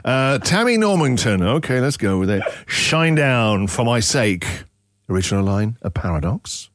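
A man's voice: medium pitch, moderate pace, no echo, studio quality. A man hosting a casual radio show, joking and laughing through his banter. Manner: playful, laughing, animated. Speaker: radio host. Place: radio studio. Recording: loud music bed behind voice.

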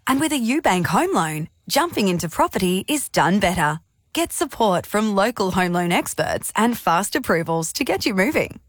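A woman's voice: medium pitch, sing-song, moderate pace, dry recording. A woman reading a radio ad in a playful, chatty way. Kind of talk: scripted radio ad read. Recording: dry close studio voice.

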